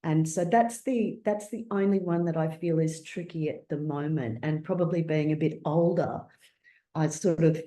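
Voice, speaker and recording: A middle-aged woman, an actor on a webinar panel, speaking thoughtfully and haltingly over a video call. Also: deep voice, fairly even intonation, mellow. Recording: echoey room on video call.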